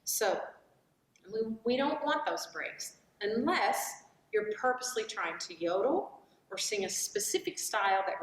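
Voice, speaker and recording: A woman voice teacher giving a vocal lesson, stopping to sing demonstration vowels through her registers. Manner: lively, swooping pitch when explaining. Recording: roomy echo, voice from far off.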